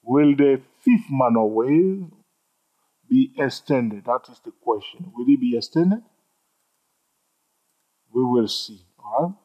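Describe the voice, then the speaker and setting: Male trading instructor, husky, bouncy delivery with lots of repetition and jokes, on a dull lo-fi recording. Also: medium pitch, takes it slowly, long pauses. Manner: animated, repeats himself, jokes with viewers. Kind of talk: screen-recorded chart tutorial.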